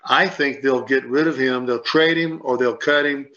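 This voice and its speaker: Guy on sports radio going on and on, bright sharp voice, kinda dull lo-fi sound. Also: mid-range voice, moderate pace. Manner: rambling, repeats himself, acts out quotes. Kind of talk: casual radio storytelling.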